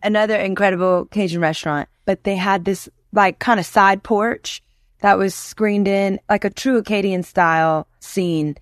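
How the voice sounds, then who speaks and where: A Louisiana musician in her thirties is a guest on a casual interview, telling lively stories and acting out the voices she quotes. Her medium-pitched voice moves at a moderate pace, and the clean studio sound has no room sound.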